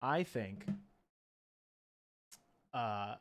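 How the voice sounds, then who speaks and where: A man's voice: fairly low pitch, lively intonation, very slow, background noise. A man co-hosting a casual livestream and reading viewer chat aloud, playful and jokey with goofy asides.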